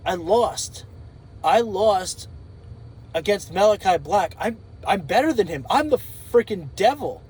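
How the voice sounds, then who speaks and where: A cocky male wrestler sounding indignant and defensive , as a man quotes him. The voice runs high and keeps a wounded, boastful edge. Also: lively intonation, unhurried, a little mellow, breathy edge, exaggerated voice, low-quality recording.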